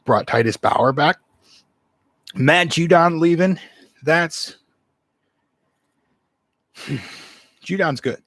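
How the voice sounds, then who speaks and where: A man's voice: fairly high pitch, very slow, pauses often, fairly bright tone, no room sound. A man hosting his own sports channel, talking casually in a rambling way full of fillers and restarts. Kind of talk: casual solo sports commentary.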